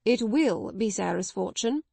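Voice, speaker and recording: A woman reading an audiobook, voicing a male solicitor who speaks in a quiet, level, steady manner. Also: mid-range voice, a little slow, vocal fry, breathy edge, no room sound, exaggerated voice. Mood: cool.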